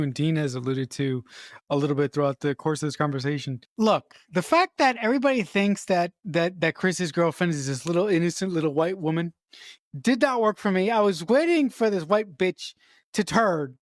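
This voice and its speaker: A woman's voice: low-pitched, moderate pace, dry recording, studio quality. Emphatic, profane woman podcast host. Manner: emphatic, profane, restarts often. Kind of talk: casual film review chat.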